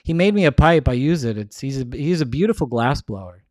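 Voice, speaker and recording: A man's voice: medium pitch, animated, brisk, a little mellow, no room sound. A man hosting his show, talking in a casual, rambling monologue full of restarts. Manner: rambling, restarts often, many "like"s. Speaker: show host.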